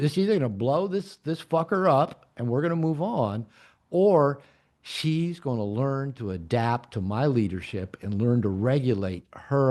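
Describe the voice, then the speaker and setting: An older man speaking to a room of men, blunt and candid, with profanity scattered through his stories. His pitch swings widely from low mutters to sudden high emphasis. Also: warm tone. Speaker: author and coach. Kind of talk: talk to an audience of men.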